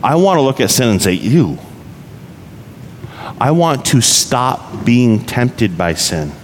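A man's voice: mid-range voice, very animated, unhurried. A pastor preaching a conversational sermon, asking his listeners rhetorical questions. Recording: reverberant hall, faint background noise.

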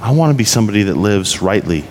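A man's voice: fairly low pitch, big pitch swings, quick pace, a little mellow. A pastor preaching a conversational sermon, asking his listeners rhetorical questions. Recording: reverberant hall, faint background noise.

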